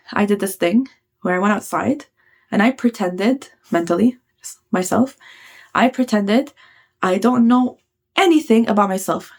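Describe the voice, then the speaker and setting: Speaking in a mid-range voice with a darkish tone, this woman gives her viewers casual motivational talk full of blunt self-help advice. Profanity flows freely, and she often asks "okay?" to check in.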